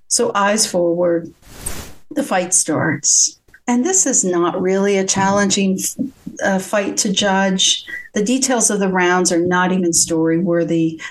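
A woman and boxing judge telling a true story from her own life in vivid, punchy present tense, with pauses. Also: medium pitch.

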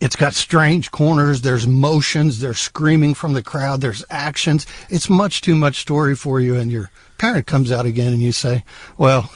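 A man's voice: medium pitch, no echo. A middle-aged man telling a humorous personal story and acting out the voices in it. He also serves as a part-time host of the show. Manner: playful, acts out voices in his tale.

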